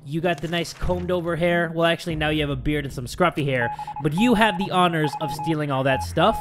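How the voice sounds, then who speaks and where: A young man playing a survival game, reading its text aloud and reacting with excitable, sometimes profane commentary. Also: fairly high pitch, fairly quick, background noise. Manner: excitable, reads game text aloud, swears, yells at setbacks. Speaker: gaming YouTuber. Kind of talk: let's play commentary.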